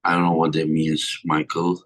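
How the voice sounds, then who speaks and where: A man's voice: rumbling low, monotone, moderate pace. A tired man hosting a livestream in casual chat, greeting his viewers by name one after another. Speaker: livestream host.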